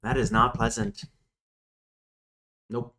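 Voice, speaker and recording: A man hosting a casual live-stream lesson, reading his notes aloud and breaking off to think out loud with muttered asides. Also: high-pitched, sing-song, slow, gravelly. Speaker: streamer teaching linguistics.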